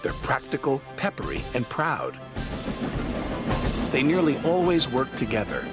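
A man narrating a children's storybook in an expressive reading voice. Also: medium pitch, a little slow. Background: music.

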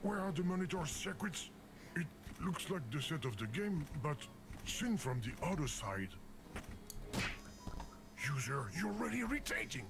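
A man's voice: fairly high pitch, sing-song, measured pace, vocal fry, pauses often, over music, full character voice. An actor voicing the game itself as a fussy male narrator who keeps scolding the player, with theatrical outbursts. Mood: flustered. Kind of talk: video game voice acting.

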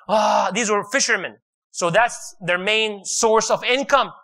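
A man preaching a sermon, retelling a story in an animated way and joking and laughing with his audience. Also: high voice, normal speed.

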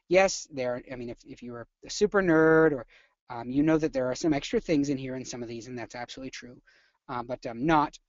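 A nursing instructor teaching a live webinar lecture, energetic and chatty, often quizzing the audience. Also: medium pitch, no echo, lo-fi sound.

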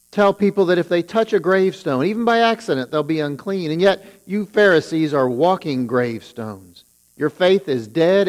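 A man's voice: a little high, low-quality recording. A man who is a pastor, preaching a sermon and retelling scripture with rising emphasis on its warnings.

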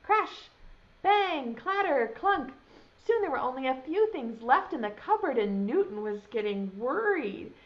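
A young woman preschool teacher reads a picture book to little children, pausing to ask them questions. Her voice is high and swoops widely in pitch as she reads slowly. The recording sounds dull and lo-fi. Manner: animated, asks children questions. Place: home, video lesson.

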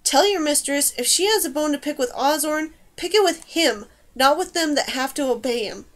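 A woman's voice: high voice, lively intonation, moderate pace, a bit bright. A woman voicing a bold young heroine with animal magic, commanding and raising her voice to give orders. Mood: stern.

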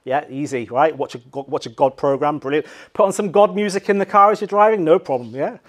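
Speaking at a quick pace, an English-accented pastor preaches a sermon. He alternates between loud acted cries and hushed, low emphasis.

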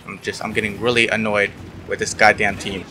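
In a fairly low, bright, forceful voice with little pitch movement, a gaming YouTuber briskly talks through his online shooter match. He's sarcastic and foul-mouthed, yelping when things go wrong, while slight background noise is audible.

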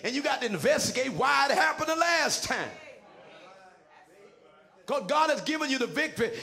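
A male pastor preaching in a very high, gravelly voice that swoops up and down. His tone is bright and tense, and he shouts his lines in a sing-song preaching cadence with folksy everyday phrasing. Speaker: senior pastor. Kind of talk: preaching a sermon.

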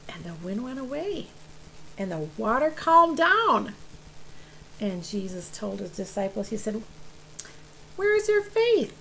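Woman children's church teacher, slow, lively storyteller, slightly gravelly voice. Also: mid-range voice, slight background noise, poor audio. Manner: animated, drawn-out storyteller emphasis with questions to kids.

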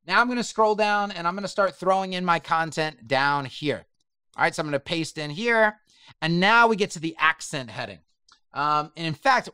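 A man's voice: high voice, pushed and bright, clean tone, no echo, clean studio sound. A man giving a chatty, emphatic screen-share web design tutorial and speaking straight to his viewers.

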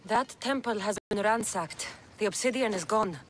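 A woman's voice: mid-range voice, moderate pace, a little hiss or hum, natural voice. An actress voicing a blunt, matter-of-fact female mercenary hero in a video game.

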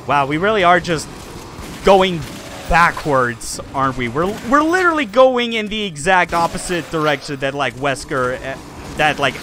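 A young man streaming a video game, commenting loudly, swearing and laughing at what happens on screen. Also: on the high side, lively intonation, moderate pace, a little hiss or hum. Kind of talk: live gameplay commentary.

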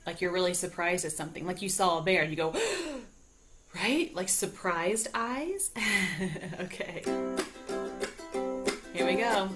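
A woman speaks at normal speed with a fairly low pitch and long pauses. In a bubbly, coaxing way, she teaches music to small children during a live sing-along video stream from home, with ukulele accompaniment behind her.

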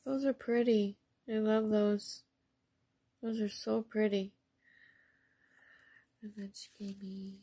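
Slow, husky-voiced woman gushing softly. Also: a little high. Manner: soft, gushing, often drops to a near whisper. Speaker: craft vlogger showing received mail and shopping finds. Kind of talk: casual show-and-tell chat.

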